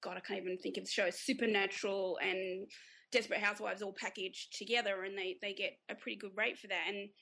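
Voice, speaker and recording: An Australian woman in easy interview chat, her voice bright with a gravelly edge. She laughs often and restarts her sentences as she talks about her work. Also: mid-range voice, little pitch movement, fast. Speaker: guest author.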